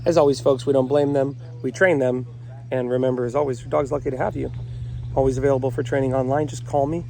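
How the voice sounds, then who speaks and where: A man's voice: mid-range voice, steady tone, fast, gravelly, darkish tone, slight background noise. A man working as a dog trainer, talking casually to camera outdoors in the morning, earnest and addressing viewers directly as folks while rattling off lists.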